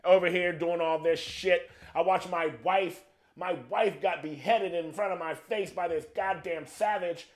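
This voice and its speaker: A man voicing an angry, foul-mouthed male colonist settler who rants in a raised, higher voice. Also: fairly even intonation, a little fast, hardly any pauses, natural voice. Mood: furious ranting. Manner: ranting, profane, higher-pitched.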